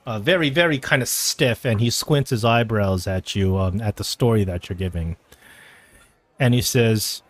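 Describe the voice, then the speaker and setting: A man's voice: lowish voice, normal speed, dry recording. A man narrating as game master at a tabletop game, chatty and rambling, with lots of fillers.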